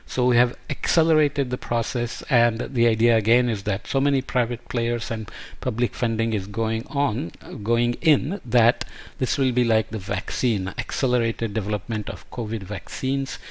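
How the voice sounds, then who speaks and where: Man lecturing, halting and thoughtful. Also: medium pitch. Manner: thinks aloud with frequent hesitations and self-corrections. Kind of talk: explanatory science lecture over slides.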